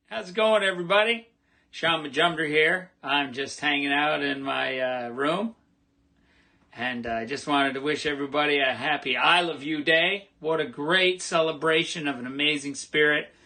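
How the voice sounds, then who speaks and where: A man records a casual, joke-filled greeting from his room at home. His voice is gravelly and very bright, a touch higher than most men's, and he fills his talk with easy "uh"s. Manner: chatty, joking, with many fillers. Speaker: well-wisher telling jokes.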